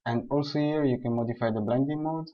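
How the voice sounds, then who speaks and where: A man calmly explaining software steps one by one in a screen-recorded tutorial. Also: mid-range voice, fast talker. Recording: dull lo-fi voice recording.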